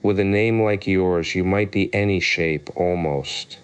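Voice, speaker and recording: A pompous, touchy egg sitting on a wall, as read by a man in a low, smooth voice. He lectures loftily and picks arguments over every word. The voice stays deep and polished. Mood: lofty. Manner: lofty, argumentative, quick to take offence.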